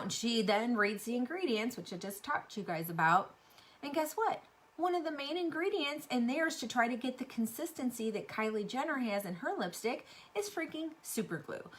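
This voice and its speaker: A middle-aged woman talks casually to her camera about makeup, lively and chatty. She drifts through ums and asides, then jumps up in pitch when something gets to her. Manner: chatty and animated, with many fillers. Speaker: beauty vlogger and sales rep.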